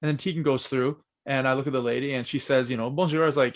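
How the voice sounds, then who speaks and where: A male podcast host with a voice of ordinary middle pitch. He spins stories in a loose, animated way, peppered with swearing. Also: fast, hardly any pauses. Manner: animated storyteller, swears a lot. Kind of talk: casual chat.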